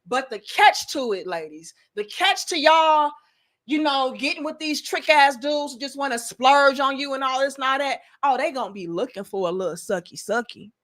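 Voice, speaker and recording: A woman's voice: high voice, lively intonation, moderate pace, a bit bright. A young adult woman hosting a commentary talk, ranting bluntly and profanely in a preachy way. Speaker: commentary host.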